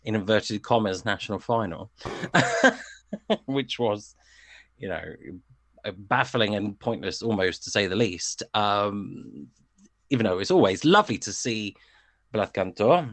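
A man's voice: on the low side, expressive, unhurried, fairly bright tone, no echo. A man chatting casually as a song review panelist, rambling and digressing with lots of fillers.

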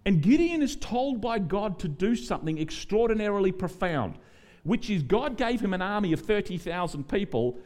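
A middle-aged Australian man preaching as a guest pastor, animated and joking, acting out the prayers and quotes he tells. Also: sits high, moderate pace, hardly any pauses. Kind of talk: sermon.

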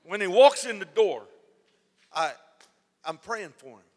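A man preaching a sermon, telling a story with lively delivery and acting out the lines of the people in it. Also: high voice, unhurried. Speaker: pastor. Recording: long hall reverb.

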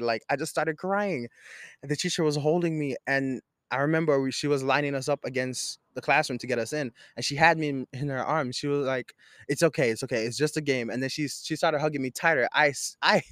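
Young man from Jamaica, casual storytelling, slangy, swings between laughing and hushed, dry close sound. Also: mid-range voice, no echo.

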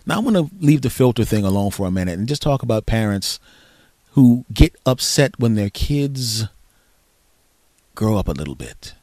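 A middle-aged man hosting a podcast, delivering an animated comedic rant into a close microphone. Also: fairly low pitch, moderate pace, no room sound. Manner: ranting, animated, shifts into mock voices. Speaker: podcast host. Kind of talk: comedic solo monologue.

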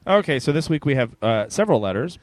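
A man's voice: medium pitch, sing-song, quick pace. A man hosting a casual podcast chat, frank and bawdy, laughing often and stumbling over his words. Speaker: podcast host.

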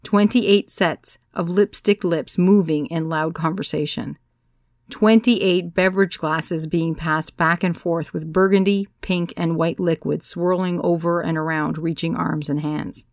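A woman narrating a first-person story as an audiobook, in a measured, wry storytelling manner. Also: fairly low pitch, steady tone, no room sound, studio quality.

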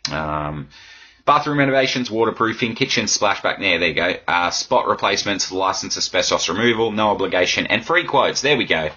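A man's voice: deep voice, animated, moderate pace, sharp tone, slightly rough, muffled recording. A man hosting a casual solo podcast, rambling and swearing freely and poking fun at himself. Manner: rambling, sweary, self-mocking. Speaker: podcast host. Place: home room in a swivel chair.

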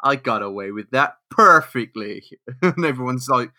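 Bright-voiced man cracking crude jokes. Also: medium pitch, lively intonation, moderate pace, no echo, clean studio sound. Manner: crude wisecracks, laughs often. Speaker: podcast co-host. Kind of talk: casual banter.

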